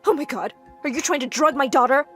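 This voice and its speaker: A woman voicing an erratic, excitable middle-aged mother who talks in shrill, frantic outbursts. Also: quick pace, faint music behind.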